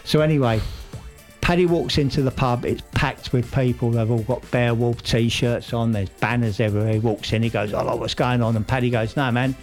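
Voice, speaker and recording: A man's voice: medium pitch, steady tone, moderate pace, a little mellow, soft background music. A man casually recapping a soap plot, rambling with lots of fillers and restarts. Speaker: podcast co-host recapping a soap. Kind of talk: casual chat, storytelling recap.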